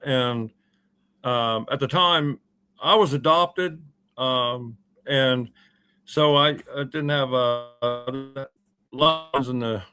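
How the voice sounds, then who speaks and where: A man's voice: medium pitch, pushed and bright, clear, resonant tone. A man in his sixties, a radio show guest, telling a long story in a rambling, folksy way full of uhs and ums. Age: 60s. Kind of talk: casual storytelling.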